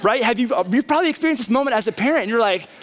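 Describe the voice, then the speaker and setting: Very high-pitched and very fast, this man in his thirties preaches from a church sanctuary. The pastor's sermon is conversational and animated, with emphasis that rises steadily.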